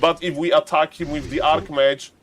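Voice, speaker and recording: Guy streaming a strategy game, kinda high voice, explains things step by step and says hi to chat. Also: little pitch movement, normal speed. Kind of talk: live game stream commentary.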